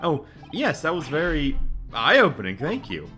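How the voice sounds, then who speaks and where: A man's voice: fairly high pitch, huge pitch swings, measured pace, sharp tone, faint music behind, voice pushed up, heavily acted. A man voicing a polite, earnest young lawyer who gets flustered and anxious.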